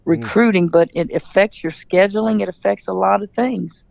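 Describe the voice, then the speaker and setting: A woman's voice: mid-range voice, moderate pace, gravelly, dry recording, dull audio. A middle-aged woman from Louisiana, a basketball coach answering interview questions in a forthright, storytelling manner.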